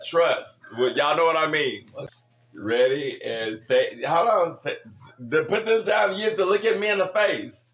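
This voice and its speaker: High-pitched sassy giggly man. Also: a little slow, fairly bright tone, echoey room. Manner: giggly, laughs constantly; sassy, swears casually. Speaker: host. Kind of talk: playful party-game chat.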